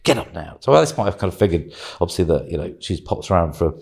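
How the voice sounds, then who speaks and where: A man's voice: low-pitched, very animated, quick pace, vocal fry, darkish tone. A man telling a casual anecdote as a podcast guest, chatty, laughing often and acting out what others said.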